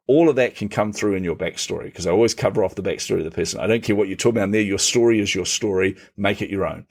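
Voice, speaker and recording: A man's voice: on the low side, rapid-fire, creaky. A middle-aged man, a podcast guest, telling stories conversationally, laughing often and acting out what others said. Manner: animated, laughs often, acts out quotes. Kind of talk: conversational storytelling.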